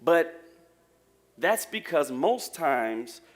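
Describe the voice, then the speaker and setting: A man preaching a lively sermon in a church, joking with the congregation. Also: a little high, drawn-out words. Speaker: pastor.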